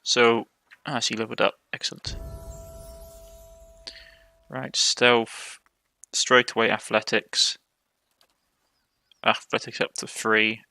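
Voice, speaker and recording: A man's voice: mid-range voice, flat delivery, takes it slowly, vocal fry, pauses often, bright, forceful tone, no echo. A man with a Cornish accent playing a game, reading its text aloud and commenting as he goes, often stumbling and correcting himself. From Cornwall, England. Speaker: let's play host.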